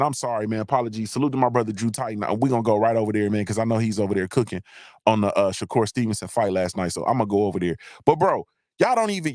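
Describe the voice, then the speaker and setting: A man's voice: mid-range voice, no room sound, clean studio sound. A man hosting a live online show, ranting in a casual, profane, repetitive way. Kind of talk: casual comedic rant.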